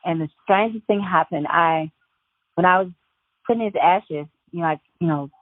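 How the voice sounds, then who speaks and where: A woman recalling scattering her grandfather's ashes in a halting, conversational way. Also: on the low side, dry recording. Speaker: granddaughter recounting a story. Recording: tinny phone-like recording.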